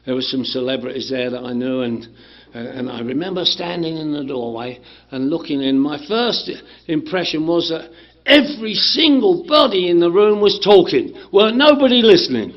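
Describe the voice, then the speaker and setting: A man telling his recovery story to a meeting in an animated way, acting out the dialogue, swearing and laughing. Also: a little high, normal speed. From England. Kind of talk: personal recovery story told to a group. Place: community meeting room. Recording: dull lo-fi room recording.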